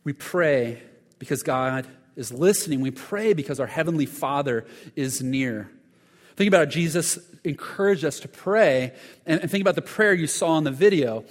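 A man's voice: on the high side, animated, normal speed, big-room sound. A man preaching a sermon, telling stories earnestly with frequent restarts and repeated words. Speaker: pastor.

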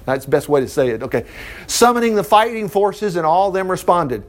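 A middle-aged man preaching, reading a Bible story aloud and breaking off with chuckling, animated commentary. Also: high voice, a little fast. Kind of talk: Bible reading with lively asides.

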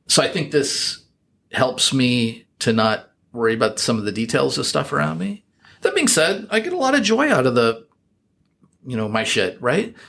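A man's voice: medium pitch, fairly bright tone. A middle-aged man with an American accent, chatting reflectively as an interview guest, full of fillers and restarts. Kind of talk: casual interview chat.

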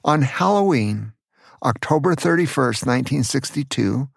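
A man in his sixties from California, a grandfather gently and earnestly telling stories from his childhood on his own podcast. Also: medium pitch, lively intonation, gravelly, breathy edge, no echo, studio quality. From California, USA. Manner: earnest, gentle, slow storytelling. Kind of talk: storytelling memoir.

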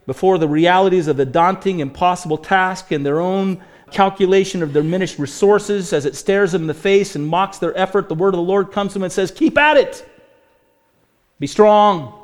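A man preaching a sermon as pastor, earnest and rising to fervent peaks. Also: fairly high pitch. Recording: hall reverb.

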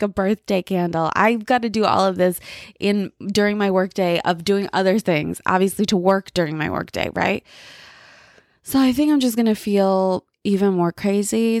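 A woman hosting a podcast alone, talking in a candid, reflective and halting way while she feels worn out and frayed. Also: mid-range voice, darkish tone, no room sound, clean studio sound. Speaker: podcast host. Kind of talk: casual personal monologue.

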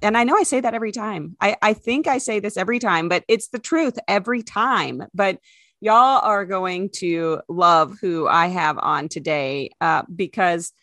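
A woman's voice: medium pitch, moderate pace, a bit bright, no room sound, studio quality. A woman, hosting a podcast and opening it in an upbeat, casual way. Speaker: podcast host.

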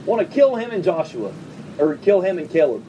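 Pastor, male, high and mellow, conversational sermon with humor, slightly distant mic. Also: sing-song, lo-fi sound, slight background noise. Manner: conversational preaching with quick asides and humor. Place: church service before a congregation.

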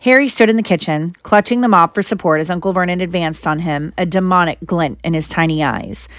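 A woman, a mother, reading a storybook aloud to her child in steady narration. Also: lowish voice, a little fast, no room sound, studio quality.

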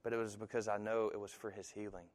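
A man preaching a sermon who tells stories in an animated way and slips into other people's voices when he quotes them. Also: on the low side, quick pace, big-room sound. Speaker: pastor.

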